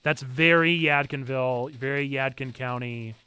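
A man's voice: mid-range voice, fairly even intonation, normal speed, sharp tone, clear, resonant tone, no room sound. A man with a North Carolina accent, chatting playfully with his viewers while streaming a game. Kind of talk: casual gameplay stream chat.

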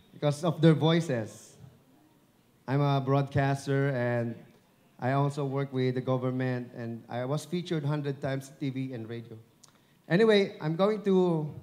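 Holding a microphone at his chin before an audience at an event, a man from the Philippines who works as a dubbing director and broadcaster speaks in a chatty, encouraging way and cracks jokes with the crowd. He has a Filipino accent and a fairly high, darkish voice.

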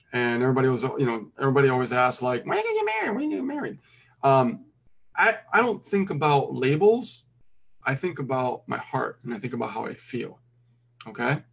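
A middle-aged man giving casual life advice, calm and full of "you know" and "okay" check-ins. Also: medium pitch, gravelly. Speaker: co-host.

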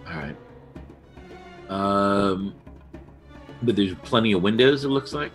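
A man's voice: on the low side, takes it slowly, faint music behind. A man playing a tabletop role-playing game, asking questions hesitantly about what his character sees. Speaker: player. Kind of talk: casual tabletop play.

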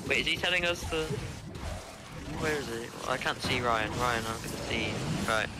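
A man on a gaming livestream chatting excitedly and giggling, his voice swinging up and down. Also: mid-range voice, moderate pace, heavy background noise. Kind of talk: casual gaming stream chat.

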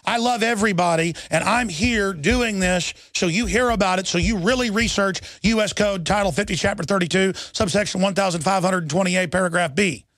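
A man's voice: sits high, a little fast, hardly any pauses, fairly bright tone, no room sound. A man hosting a talk radio show, delivering an urgent, rambling monologue full of restarts into a studio microphone.

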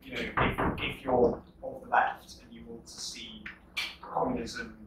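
A man's voice: medium pitch, level tone, unhurried. A man in the audience asking a lecturer two questions from the floor, hesitant and full of fillers. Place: lecture hall. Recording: echoey hall from far off, noisy.

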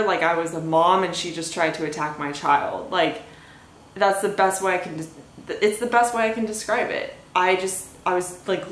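A woman's voice: on the low side, a bit bright. A young woman hosting a podcast, telling a story in a casual rambling way, full of "like" and "anyway". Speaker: podcast host. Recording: echoey room with faint hiss.

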